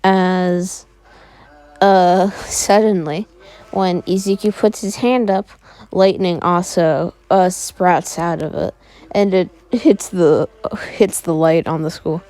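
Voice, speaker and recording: A woman's voice: lowish voice, steady tone, takes it slowly, mellow, poor audio. A woman casually improvising a story, rambling with many fillers.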